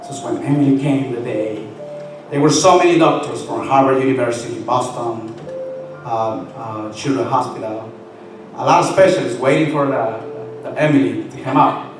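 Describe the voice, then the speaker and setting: A man preaching a sermon as a minister, impassioned and building to shouted praise. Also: medium pitch, moderate pace. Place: church sanctuary. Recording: echoey church from far off with music.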